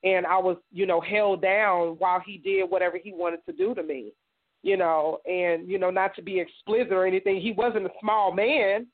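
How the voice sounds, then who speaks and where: A woman's voice: on the low side, fairly even intonation. Woman telling her story over the phone. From Indiana, US. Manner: halting, frequent "you know" fillers. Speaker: interview guest. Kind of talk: personal testimony. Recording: tinny phone line.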